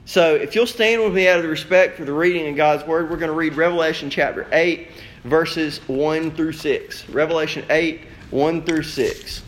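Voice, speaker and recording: A young man preaching a sermon as pastor, telling a family story in a lively way and acting out quotes. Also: fairly high pitch, moderate pace. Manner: storytelling, animated, acts out quotes.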